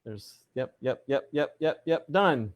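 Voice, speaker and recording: A man's voice: medium pitch, animated, a little slow, lo-fi sound. Playful man hosting a live chat. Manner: playful showman greetings, reads viewer comments aloud. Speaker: livestream host. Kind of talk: casual live chat show.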